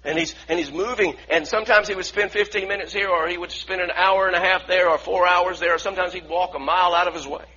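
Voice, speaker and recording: A man preaching a sermon in an animated way, acting out the voices of the people in the story. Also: sits high, fast talker, hardly any pauses, breathy edge. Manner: animated, acts out voices from the story, asks the congregation to repeat. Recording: dull lo-fi recording.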